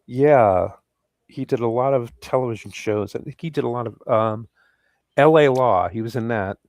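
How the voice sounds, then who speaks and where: A man's voice: medium pitch, moderate pace, a little mellow, no echo. Male co-host, mid-range voice, blunt and crude, casual review chat, dry close mic. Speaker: podcast co-host.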